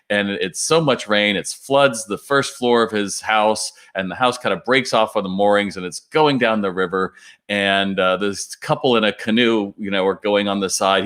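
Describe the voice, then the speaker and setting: Chatty low-voiced male retail consultant. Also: a bit bright. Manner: chatty storytelling with fillers and restarts. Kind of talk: casual promotional video message.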